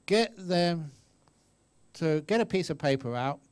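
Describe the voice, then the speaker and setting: A man's voice: fairly high pitch, animated, unhurried, darkish tone, clear, resonant tone. A man in his sixties, a Buddhist monk teaching at a retreat, telling stories in a chatty way and often acting out voices. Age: 60s. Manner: chatty storyteller, acts out voices, laughs often. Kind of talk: dharma talk answering questions. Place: meditation retreat hall.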